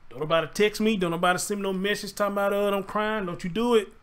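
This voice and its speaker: Guy hosting a live stream, higher voice, swears a lot, keeps repeating himself, holding back tears. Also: fairly even intonation, rapid-fire, fairly bright tone. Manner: profane, pleading, repeats himself. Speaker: show host. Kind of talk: casual live-stream commentary.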